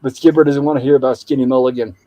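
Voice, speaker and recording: A man's voice: medium pitch, steady tone, very fast, dark tone, dry recording, poor audio. A man hosting a show, chatting casually as he retells the plot of an old TV episode. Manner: chatty, plain storyteller. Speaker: show host.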